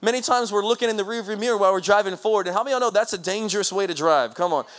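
A man preaching a sermon in a lively, conversational way, laughing and acting out quotes. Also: sits high, racing. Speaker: pastor.

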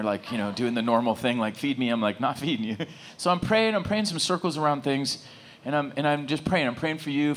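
A middle-aged man preaching a sermon, telling a story with lots of rambling asides and animated bursts. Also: mid-range voice. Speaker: pastor.

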